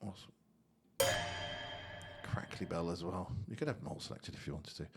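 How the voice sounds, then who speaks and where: Gravelly low-voiced man explaining. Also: lively intonation, normal speed, over loud music. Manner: chatty, thinks aloud, chuckles often. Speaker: tutorial host. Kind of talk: casual software tutorial.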